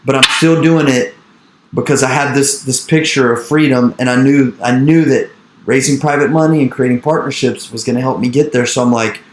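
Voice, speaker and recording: A man in his thirties telling an animated story in an interview, repeating his phrases and acting out the dialogue he quotes. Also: mid-range voice, moderate pace, reverberant. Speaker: real estate investor speaking to an investor group. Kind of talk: energetic storytelling talk.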